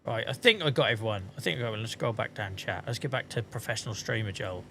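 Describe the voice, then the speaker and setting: A man's voice: lowish voice, quick pace, bright, forceful tone, slight background noise. A man streaming a game, chatting casually in a self-mocking way and swearing casually now and then. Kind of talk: casual livestream chat.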